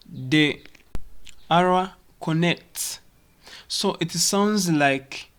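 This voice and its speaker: A teacher from Rwanda giving a pronunciation lesson, repeating words slowly to demonstrate them. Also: medium pitch, lively intonation. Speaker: English teacher.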